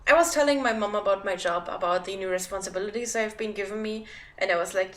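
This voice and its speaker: A woman's voice: medium pitch, fast. A woman in her thirties chatting casually on a game livestream, rambling and self-deprecating. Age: 30s. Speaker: game streamer.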